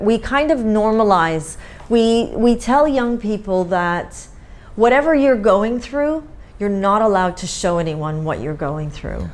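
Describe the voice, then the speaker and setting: A woman hosting an interview, speaking in a gentle, reflective way. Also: medium pitch, expressive, unhurried. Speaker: host. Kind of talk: supportive interview talk.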